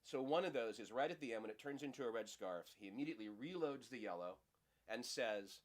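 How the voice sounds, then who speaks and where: Lively middle-aged man teaching magic. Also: fairly quick. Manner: lively, playful, acts out audience lines in high voices. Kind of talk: casual demonstration lesson.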